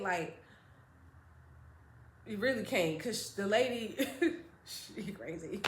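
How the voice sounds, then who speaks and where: A young woman vlogger telling a casual storytime, animated and lively, slipping into voices as she quotes people. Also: mid-range voice, slow pace, long pauses. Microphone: phone or tablet camera. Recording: echoey room.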